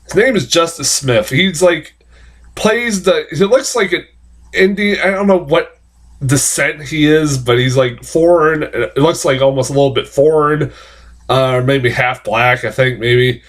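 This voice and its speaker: A man's voice: on the high side, unhurried. A man giving a casual spoken film review, ranting and swearing in exasperation. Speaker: movie reviewer.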